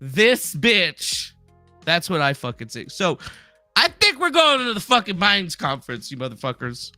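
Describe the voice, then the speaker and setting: A man with a high, very bright voice rants on a livestream, his pitch leaping all over the place. He talks heatedly and profanely and keeps breaking into shouts. The sound is dry and close, with music faintly under him. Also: huge pitch swings, moderate pace, no echo. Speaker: livestream host. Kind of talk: angry livestream rant.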